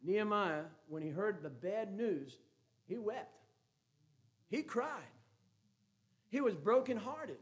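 A man with a notably high-pitched voice preaches a sermon as a Baptist pastor. He is folksy and joking, and he drives his points home with emphasis. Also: animated, takes it slowly, long pauses.

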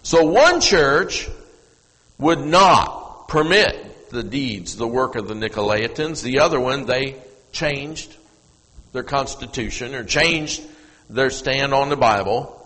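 A middle-aged man preaching a sermon as pastor, telling a story and moving from hushed asides to loud, emphatic peaks. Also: medium pitch. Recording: long reverb of a church hall.

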